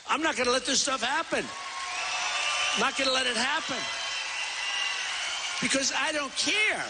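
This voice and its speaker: High-ish bright voice, man in his 60s bragging on and on at a campaign rally, pa sound in a huge reverby hall. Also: normal speed, pauses often, a little hiss or hum. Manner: boastful, rambling, repetitive. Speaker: presidential candidate. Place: large convention center hall.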